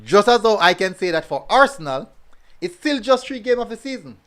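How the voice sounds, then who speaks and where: A man's voice: high-pitched, big pitch swings, brisk, a bit bright. A man hosting a casual football review stream, reading chat comments and talking in a chatty way, full of fillers and repeated phrases.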